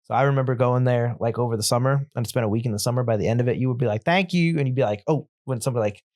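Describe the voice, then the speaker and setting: A man's voice: mid-range voice, steady tone, racing, a little mellow, no room sound, studio quality. A man co-hosting a podcast, chatting casually about a film in a rambling, easygoing way with self-deprecating humor. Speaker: podcast co-host. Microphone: studio mic.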